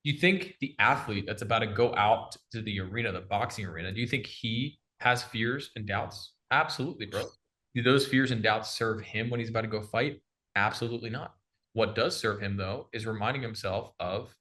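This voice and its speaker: A young man coaching on sales in an energetic, slangy casual chat, calling the listener bro. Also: lowish voice, brisk.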